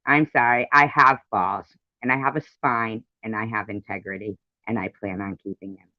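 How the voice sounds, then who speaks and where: Heard on dull lo-fi audio with no room sound, a commentary vlogger rants angrily and profanely, indignant and repeating himself. His voice is fairly low and steady, at a moderate pace.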